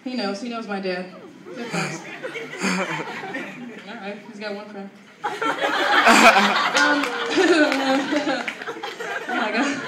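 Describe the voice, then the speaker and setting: A young woman doing an animated stand-up set at an open mic, acting out her family. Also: fairly high pitch, extremely slow, pauses often, over a noisy crowd. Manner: animated, acts out family members. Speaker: stand-up comedian. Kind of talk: stand-up comedy storytelling. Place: open mic at a university venue. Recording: echoey room from far, faint noise.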